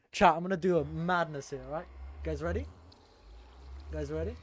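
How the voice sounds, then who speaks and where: A man's voice: fairly high pitch, steady tone, fast talker, slight background noise. A young adult man streaming live, bantering crudely with his chat, laughing and teasing, with a sore throat.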